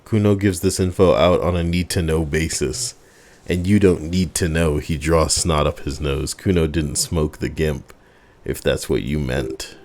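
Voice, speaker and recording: Man, let's play gamer, reads game text aloud, low-key drawl, very low voice, unhurried. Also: steady tone, a little mellow. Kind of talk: reading game dialogue aloud.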